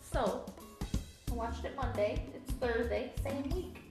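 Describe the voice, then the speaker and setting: A woman in her forties, a podcast co-host, telling stories eagerly in casual chat, quick when she quotes people. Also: on the high side. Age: 40s. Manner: enthusiastic storytelling, quick quoted asides. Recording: echoey room with music behind.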